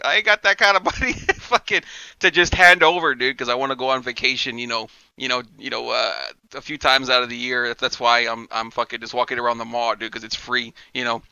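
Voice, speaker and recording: A male podcast co-host with a smooth, medium-pitched voice tells a long, profane story in casual chat, animatedly acting out the dialogue of the people involved. The recording is muffled with no echo.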